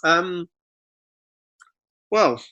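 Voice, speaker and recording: A young man with a bright, clear tone and a somewhat high voice co-hosts a comedy podcast. He chats casually and reads reviews out loud, breaking off for quick joking asides. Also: expressive. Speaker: podcast co-host.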